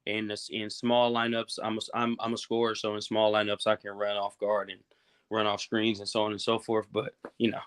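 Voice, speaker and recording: Easygoing man, measured casual talk. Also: lowish voice, completely flat delivery, clean tone, dry recording. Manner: measured, easygoing, drops "word" and "you know what I mean". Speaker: guest. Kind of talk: casual live-stream chat.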